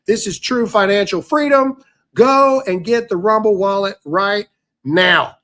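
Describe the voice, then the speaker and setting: A man's voice: high voice, a little slow, sharp tone. A man hosting a podcast, talking in a brash, sarcastic, ranting way, including an ad read. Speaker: podcast host. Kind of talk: casual commentary with ad read.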